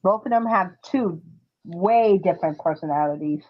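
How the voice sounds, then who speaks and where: A woman chatting casually on a live stream, an animated storyteller who laughs often. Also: lowish voice, normal speed. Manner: animated storyteller, laughs often, acts out children's voices in quotes. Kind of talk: casual chat. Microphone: live-stream call microphone. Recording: dull lo-fi stream audio.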